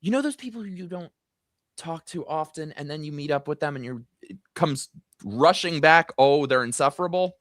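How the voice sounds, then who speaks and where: A man's voice: moderate pace, no room sound, clean studio sound. A middle-aged man hosting a live stream, telling a long anecdote in a chatty, gossipy way. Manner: chatty, storytelling, swings high in pitch when excited. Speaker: host. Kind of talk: casual live-stream chat.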